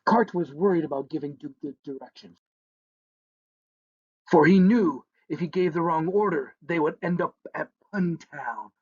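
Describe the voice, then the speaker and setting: A man's voice: a little high, measured pace, breathy edge, dry recording. A man narrating a children's story in a playful way, humming sound effects between lines, on a dull lo-fi recording.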